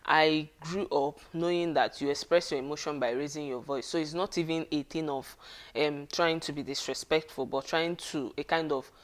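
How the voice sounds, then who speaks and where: A woman's voice: sits low, steady tone, normal speed. A woman giving an earnest, casual talk on marriage and often checking in with her listeners. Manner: earnest, conversational, with frequent check-ins to listeners.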